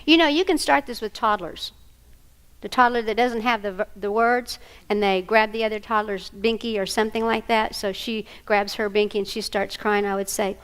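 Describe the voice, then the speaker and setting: Her voice is medium-pitched and clean, moving at a moderate pace, as she presents a workshop in front of a live audience. She tells stories with animation and keeps checking in with the people listening.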